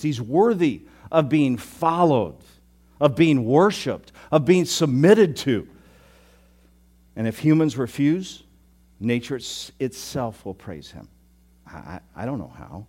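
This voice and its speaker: A man preaching a sermon as pastor, teasing his listeners and telling the story with lively, sudden loud bursts. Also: mid-range voice, husky.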